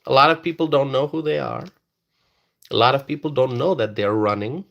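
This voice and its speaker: A man's voice: fairly high pitch, creaky. A man hosting a live political stream, talking straight to his chat viewers and repeating phrases for emphasis. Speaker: political livestream host.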